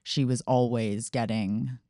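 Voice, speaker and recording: A woman's voice: rumbling low, fairly even intonation, takes it slowly, mellow, no room sound, clean studio sound. A woman hosting a podcast, chatting casually and upbeat with her guests. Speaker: podcast host. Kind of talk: casual chat.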